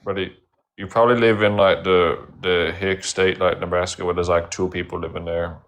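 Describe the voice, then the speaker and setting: A man's voice: deep voice, flat delivery, moderate pace, a bit bright. A male caller in call-in banter, stumbling and repeating himself through a put-on American accent. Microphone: phone line.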